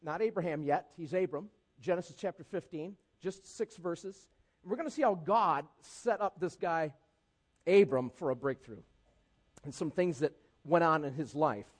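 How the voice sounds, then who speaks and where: A male pastor with a high-pitched voice delivers a sermon in a casual, conversational way. He is animated and acts out the scripture characters as he goes. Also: normal speed. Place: church.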